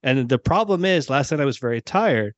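A man's voice: mid-range voice, animated, fairly quick, dry recording. A man co-hosting a podcast, telling a self-deprecating story in casual chat. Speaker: podcast co-host. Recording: dull, dry podcast mic.

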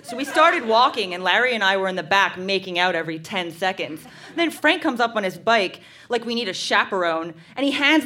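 A woman's voice: medium pitch, bright, forceful tone. A woman reading her teenage diary aloud to a live audience on a stage, with melodramatic delivery. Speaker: reader at a live show. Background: audience laughter.

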